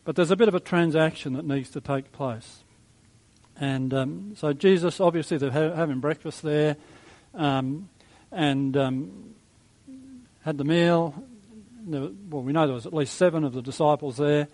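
A man preaching a sermon in a conversational, reflective way, with soft chuckles. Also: on the high side, unhurried, poor audio. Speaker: pastor.

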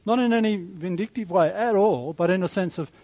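A man preaching a sermon in a conversational, reflective way, with soft chuckles. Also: high voice, fairly quick, low-quality recording. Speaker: pastor.

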